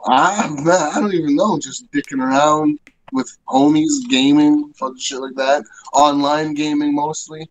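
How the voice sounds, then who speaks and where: A man's voice: a little high, steady tone, measured pace, rough recording. A man chatting casually as a podcast guest, laid-back and slangy, still a bit sick.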